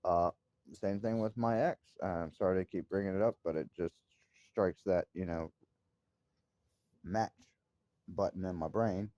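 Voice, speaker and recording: Male vlogger, lowish mellow voice, agitated and emphatic, swears freely, dry dull lo-fi recording. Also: unhurried, long pauses, no room sound. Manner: agitated, emphatic storytelling with profanity. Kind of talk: casual personal monologue to viewers.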